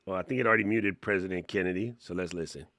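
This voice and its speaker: Excitable man giving a casual tech tutorial. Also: low voice, quick pace, no room sound, studio quality. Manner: excitable, laughs often, casual slang. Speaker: tech streamer.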